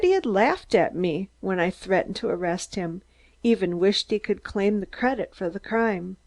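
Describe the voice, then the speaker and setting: A woman reading a mystery audiobook aloud in a measured, expressive way. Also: on the low side. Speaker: audiobook reader. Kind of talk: audiobook narration.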